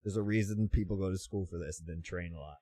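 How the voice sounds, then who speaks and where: A man's voice: low voice, fast, dark tone, dry recording. A man hosting a casual reaction video, teasing and chuckling at what he watches.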